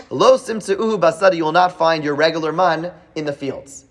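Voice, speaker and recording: A man's voice: fairly high pitch, a little fast, hardly any pauses, a little hiss or hum. A man teaching a live class, explaining at length with many fillers, restarts and rhetorical checks to his students. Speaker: teacher leading a Talmud class.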